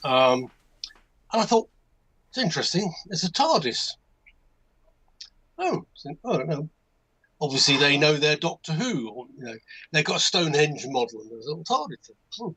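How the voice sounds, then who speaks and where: A man's voice: on the high side, very animated, moderate pace, long pauses, pushed and bright, husky, poor audio. An older man with an English accent, telling a rambling anecdote as a guest on a hobby livestream, full of restarts and asides. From England. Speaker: guest modelmaker.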